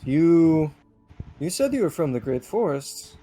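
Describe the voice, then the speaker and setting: A man's voice: on the high side, very animated, unhurried, warm tone, soft background music, pitched above the performer's own voice. A man voicing a stern female Viking paladin warrior, speaking bluntly and matter-of-factly in a tabletop game. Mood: plain.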